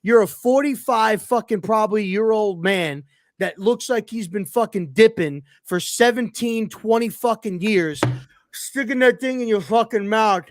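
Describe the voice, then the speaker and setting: A man ranting on a casual sports talk stream, his voice very high and recorded dry and close. He swears heavily, stumbling over restarts as he vents. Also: unhurried, no room sound. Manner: heated, profane ranting with stammered restarts. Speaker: co-host.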